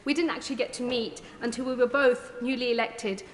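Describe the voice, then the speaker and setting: A woman's voice: a little high, fairly quick, a little hiss or hum. A woman, a member of parliament, telling an amused anecdote as part of a tribute speech. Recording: echoey chamber with long reverb and murmuring crowd.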